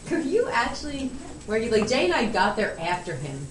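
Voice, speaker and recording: A woman's voice: on the high side, big pitch swings, normal speed. Young woman, casual family chat, rambling storyteller, lots of fillers, noisy background. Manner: chatty storyteller, many "like"s and restarts, laughing often. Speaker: daughter telling family stories. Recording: echoey room, far from mic, noisy.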